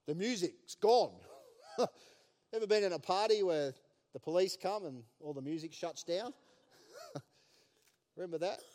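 A man with a notably high voice preaches a sermon in a big hall, and his words hang in a long, lingering reverb. He tells the story in an animated way and slips in playful asides along the way. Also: unhurried, pauses often.

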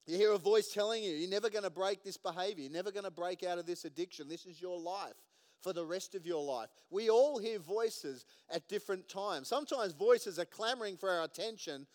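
A man's voice: high voice, a little fast, a little mellow. A man preaching a sermon as pastor, joking and laughing at his own jokes. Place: church hall. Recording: long hall reverb.

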